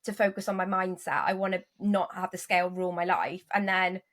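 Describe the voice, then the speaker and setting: A woman's voice: fairly low pitch, brisk. A woman hosting a podcast, giving frank, coaching advice in casual chat. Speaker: podcast host.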